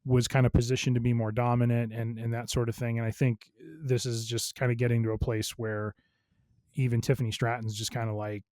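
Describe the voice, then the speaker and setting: A man's voice: medium pitch, level tone, fairly quick, darkish tone, no echo, studio quality. A man co-hosting a podcast, explaining wrestling news in casual chat and reading an article aloud. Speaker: podcast co-host.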